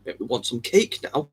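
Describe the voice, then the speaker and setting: Giggly husky man chatting. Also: mid-range voice. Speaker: livestream host. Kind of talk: casual chat with viewers.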